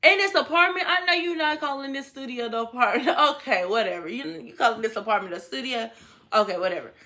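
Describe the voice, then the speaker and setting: Young woman vlogger, bright and slangy, tells her storytime straight to viewers in a slightly high voice. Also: fast. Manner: animated, slangy storyteller who talks to viewers. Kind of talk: storytime vlog.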